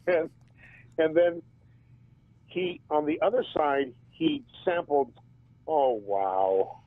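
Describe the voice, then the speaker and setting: A man, a band drummer and interview guest, telling stories in a casual and animated way and laughing often. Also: a little high, takes it slowly, no room sound. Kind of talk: casual storytelling. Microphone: phone. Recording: tinny phone line.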